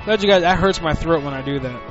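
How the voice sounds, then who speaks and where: Male radio co-host, a touch high, rambling and laid-back, clear music under a muffled mix. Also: fast talker. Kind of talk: casual radio banter. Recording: muffled lo-fi audio with music behind.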